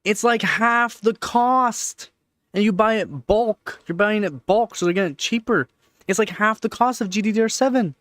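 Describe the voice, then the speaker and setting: A man's voice: high voice, brisk, no echo. A man with a Canadian accent, hosting a live stream and chatting casually, rambling and repeating points for emphasis. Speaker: livestream host.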